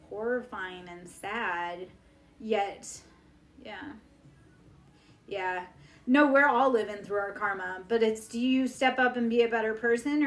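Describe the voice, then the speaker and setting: A woman in her forties talking bluntly and profanely on a live stream, preachy and fired up. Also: a little high. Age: 40s. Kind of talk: casual live-stream monologue.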